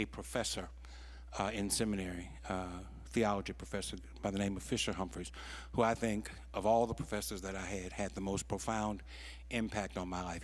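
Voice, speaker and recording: A man in his sixties, a pastor with a lowish voice, preaches a sermon in storytelling form. Quiet, hushed passages give way to loud peaks, and he slows down to stretch out the important phrases.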